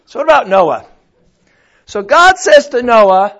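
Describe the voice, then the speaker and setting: A man's voice: extremely high pitch, very animated, a little slow, pauses often, fairly bright tone. An older man preaching a sermon in a conversational, folksy way, full of rhetorical questions. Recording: dull lo-fi recording.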